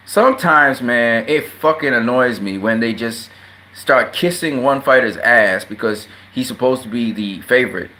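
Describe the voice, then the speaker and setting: A man at a middle pitch ranting casually about his sport, blunt and full of swearing. He gets heated and jumps into loud, high-pitched outbursts before dropping back to a low mutter. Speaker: boxing commentator.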